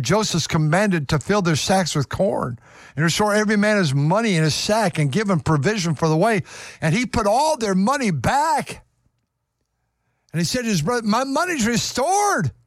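A man's voice: lively intonation, normal speed, no echo, studio quality. A man preaching a sermon with fervor, repeating words and lifting his voice for emphasis. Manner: fervent, rising to a high pitch for emphasis, repeats words.

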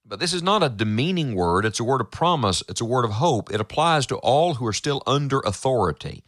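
A man's voice: medium pitch, animated, fairly quick, fairly bright tone, no room sound. A man preaching an earnest Bible-teaching sermon, speaking emphatically into a close mic.

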